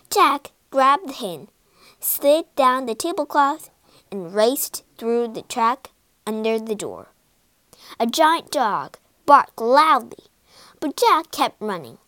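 A woman narrating a children's storybook in an expressive, dramatic way. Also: on the high side, no room sound.

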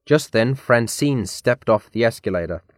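A man reading a children's picture book aloud as narrator, slow and deliberate. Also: medium pitch, lively intonation, no room sound, studio quality.

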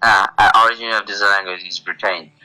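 Low-voiced Bangladeshi man on a call. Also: steady tone, a little fast, bright, forceful tone, low-quality recording. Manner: hesitant, many uh fillers. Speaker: guest, police officer. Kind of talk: casual interview over a video call. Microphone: internet call. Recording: compressed online call with faint music.

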